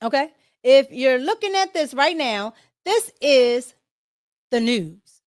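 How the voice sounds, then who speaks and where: A woman's voice: high voice, expressive, takes it slowly, dry recording, clean studio sound. A woman from Washington, D.C. hosting a livestream, giving casual political commentary in a chatty way and checking in with her viewers as she goes. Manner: chatty, repeats "okay?" to the viewers. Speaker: livestream host.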